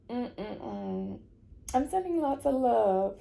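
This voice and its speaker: A woman speaks to her viewers during a tarot reading, her voice gravelly and mellow. She is emotional and close to tears, laughing it off and reassuring her audience that everything will be okay. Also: medium pitch, a little hiss or hum. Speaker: tarot reader.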